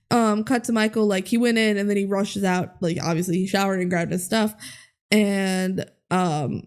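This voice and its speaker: Speaking at medium pitch and a normal pace, a young podcast co-host chats casually through a movie recap, laughing frequently and performing lines from the film in playful, bouncy voices.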